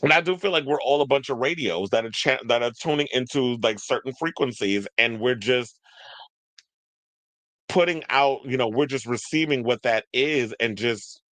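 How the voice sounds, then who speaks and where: A man's voice: medium pitch, moderate pace, a bit bright, no echo. A man giving casual, opinionated celebrity news commentary, chatty and full of rambling asides. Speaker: entertainment commentator.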